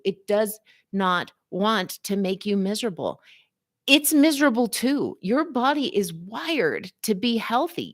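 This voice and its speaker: A woman therapist hosts a casual wellness talk, telling stories at an unhurried pace. Her voice sits a little low, and she acts scenes out, often saying "like" along the way. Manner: animated storyteller, frequent "like", acts out scenes. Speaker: physical therapist and psychotherapist hosting a wellness show. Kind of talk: casual live talk with storytelling.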